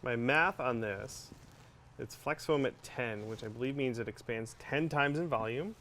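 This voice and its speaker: A man's voice: mid-range voice, unhurried, fairly bright tone, a little hiss or hum. A man chatting casually as a guest on a livestream, talking through his work in a laid-back way and thinking aloud. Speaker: guest prop maker.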